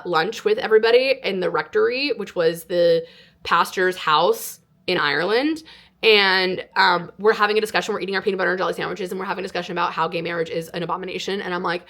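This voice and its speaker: A woman in her twenties from California, telling a personal story to camera in a casual, animated way with lots of "like". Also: mid-range voice. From California, United States. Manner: animated, exaggerated retelling with frequent "like". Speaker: vlogger. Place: indoors, sit-down filming.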